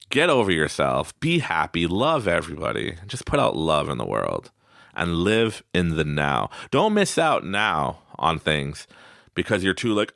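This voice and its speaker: Laughing, animated man with a gravelly voice. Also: lowish voice, no echo, clean studio sound. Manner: laughs often and acts out quotes in animated voices. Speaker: podcast host. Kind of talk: casual motivational talk. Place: small studio.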